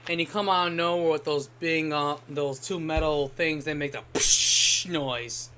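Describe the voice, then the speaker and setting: A man streaming a game and telling a rambling story in casual chat, swearing freely and getting animated when he quotes people. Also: fairly high pitch, unhurried, clear, resonant tone. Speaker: gaming streamer. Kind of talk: casual storytelling while gaming.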